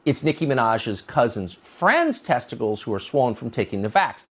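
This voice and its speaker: A man's voice: mid-range voice, big pitch swings, moderate pace, breathy edge, pitched below the performer's own voice. A man doing an impression of a stern male cable news anchor, with a grave, mock-serious delivery.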